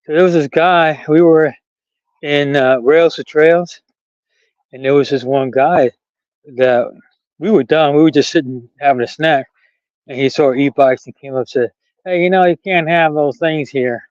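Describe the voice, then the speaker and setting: A man's voice: fairly high pitch, steady tone, normal speed, pauses often, darkish tone, no room sound, highs cut off. A middle-aged man vlogging casually outdoors on a rural trail, rambling and chatty and laughing at his own jokes. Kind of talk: casual walking vlog.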